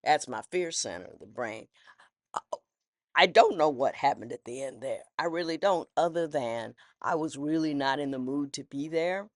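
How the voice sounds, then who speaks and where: A woman's voice: low-pitched, animated, normal speed, no echo, studio quality. A woman who was once a judge talks through her thoughts in a casual, candid monologue. She rambles and restarts, and her phrasing is folksy. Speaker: former judge sharing personal reflections.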